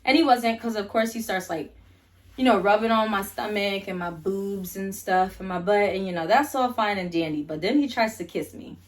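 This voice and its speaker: A woman's voice: mid-range voice, normal speed. A young adult woman vlogger telling a casual storytime, blunt and profane, chatty with lots of fillers.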